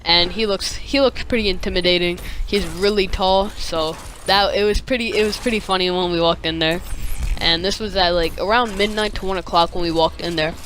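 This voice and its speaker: A man's voice: high-pitched, steady tone, fairly quick, pushed and bright, a little hiss or hum, rough recording. A man with a slight lisp from a retainer, telling a story casually over gameplay in a rambling way, with many fillers and casual swearing. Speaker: gaming video creator.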